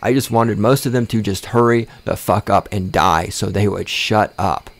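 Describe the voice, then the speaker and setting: A man's voice: lowish voice, moderate pace, creaky. Profane, sarcastic man ranting on a podcast. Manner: sarcastic, swears often, mocks with exaggerated voices; repeats words and restarts when worked up. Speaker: podcast host. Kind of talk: casual profane rant.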